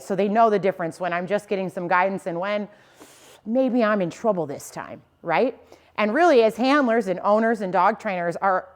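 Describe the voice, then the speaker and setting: A young adult woman teaching dog owners in an easygoing, conversational way. She explains each step plainly and keeps checking that her listeners follow. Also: lowish voice. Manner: casual and explanatory, often checking in with "okay?" and "right?". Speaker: dog trainer. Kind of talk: instructional talk to dog owners.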